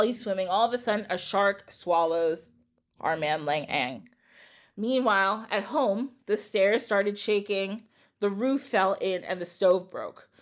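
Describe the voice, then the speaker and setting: A woman podcast host casually retelling an old epic poem in a lively, laughing way. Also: medium pitch. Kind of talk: casual storytelling chat.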